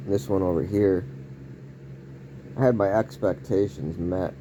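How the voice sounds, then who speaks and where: Dude rambling on a home vlog, low mellow voice, bit of hum in the background. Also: male voice, measured pace, highs cut off. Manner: rambling, odd word choices, occasional yelled outbursts. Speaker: vlogger. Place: indoors at home.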